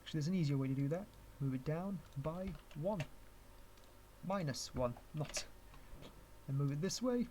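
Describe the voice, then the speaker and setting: A man with an English accent and a slightly higher voice talks through a live-stream tutorial. He rambles as he works, restarts sentences and chuckles at himself. His talk stays casual and unscripted. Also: lively intonation, normal speed, mellow, slight background noise. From Canada. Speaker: streamer teaching 3D rigging.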